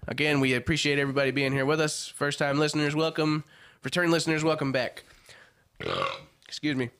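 A man co-hosting a casual podcast, joking, laughing a lot and protesting loudly. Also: a little high, big pitch swings, a little fast. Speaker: podcast co-host.

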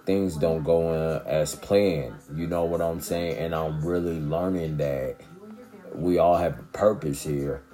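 A man's voice: very deep voice, steady tone, unhurried, warm tone, faint music behind. A man talking casually to his viewers in a laid-back, rambling way, often checking in with them. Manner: laid-back, rambling, keeps asking "you know what I'm saying". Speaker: vlogger. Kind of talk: casual talk to camera.

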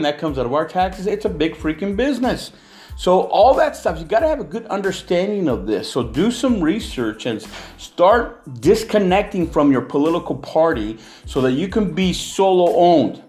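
A man from California, hosting a casual monologue and ranting emphatically, often repeating words as he restarts his sentences. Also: a little high. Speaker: vlogger and host.

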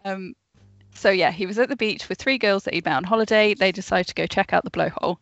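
A woman's voice: medium pitch, fast talker, vocal fry, a bit bright, no echo, muffled recording, faint music behind. A woman co-hosting a casual podcast, telling a story from her notes with chatty asides and frequent laughs. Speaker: podcast co-host.

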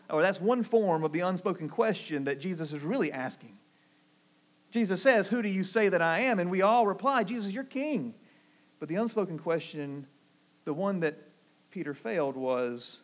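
Male pastor, Southern accent, sermon delivery, earnest, slightly high-pitched. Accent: Southern American. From American South. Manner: earnest preaching, rising emphatic on key phrases, dropping low and soft for quotes.

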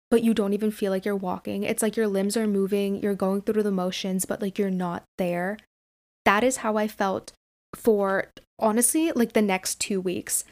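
A young woman in her twenties hosts a podcast and tells a personal story. She talks casually and rambles, packing in filler words and the odd curse, in a mid-pitched voice. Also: darkish tone. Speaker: podcast host.

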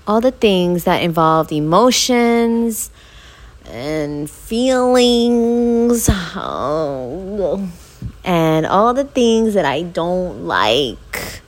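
Woman, podcast host, casual chat, tired, upbeat, lower pitch, dry close mic. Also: no echo. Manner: chatty, laughing often, upbeat. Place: home living room on a couch.

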